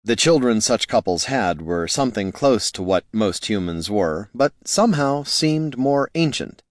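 Low-voiced man narrating a fantasy audiobook. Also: expressive, measured pace, no room sound, studio quality.

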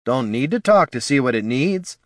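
A man's voice: medium pitch, lively intonation, normal speed, dry recording, clean studio sound, close to an everyday voice. A man voicing a kindly old barkeep in a storybook reading, speaking in a soothing, coaxing way.

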